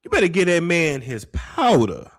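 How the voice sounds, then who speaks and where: A man hosting a reaction show and commenting on a clip in an animated, laughing, profane and incredulous way. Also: fairly high pitch, moderate pace.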